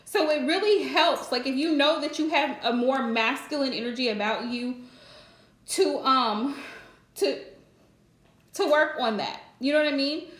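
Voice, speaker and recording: A woman's voice: high-pitched, a bit bright, echoey room. A woman hosting a live stream and giving relationship advice in a chatty, direct way, laughing often. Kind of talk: casual live-stream chat.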